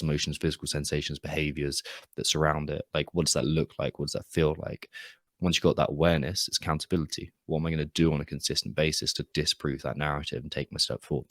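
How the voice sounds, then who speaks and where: A man's voice: rumbling low, dry recording, clean studio sound. A man speaking as a coach and podcast guest, reflective and earnest in casual conversation, swearing now and then.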